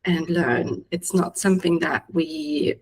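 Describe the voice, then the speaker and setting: A woman's voice: low-pitched, slow pace, husky, rough recording. A woman guest on a business podcast, talking casually in a candid, reflective and self-deprecating way. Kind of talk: casual conversation.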